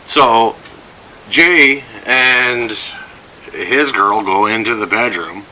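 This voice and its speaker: A man's voice: mid-range voice, drawn-out words, sharp tone, a little hiss or hum, rough recording. A young man with a Northern English accent, telling crude stories in a boisterous, casual chat with a friend.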